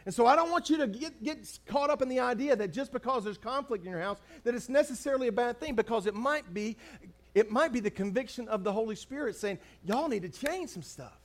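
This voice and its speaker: High-voiced man preaching. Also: quick pace. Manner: conversational preaching, humorous asides, repeats phrases for emphasis. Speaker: pastor. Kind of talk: sermon.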